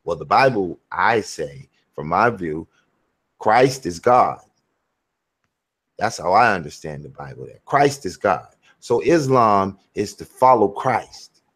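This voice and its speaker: A man hosting a casual talk, slowly explaining his view and reading scripture aloud with deliberate emphasis. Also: sits low, big pitch swings, a bit bright. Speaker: host. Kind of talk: casual religious discussion.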